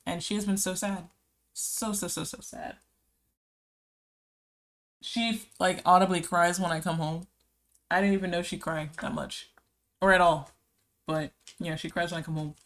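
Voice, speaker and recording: A young woman chats casually on a live drawing stream, rambling on as she answers her viewers' messages. Her voice sits a little low for a woman, and she keeps an easy, talkative flow. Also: fairly even intonation, moderate pace, a bit bright. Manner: chatty, rambling, answers chat messages aloud. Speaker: art streamer.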